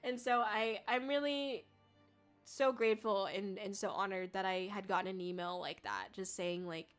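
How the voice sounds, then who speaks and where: With soft background music playing, a young woman streamer chats casually with her viewers in a smooth, medium-pitched voice. Her tone stays steady and her speed normal, though she's bubbly, giggly, and full of filler words. She is a VTuber.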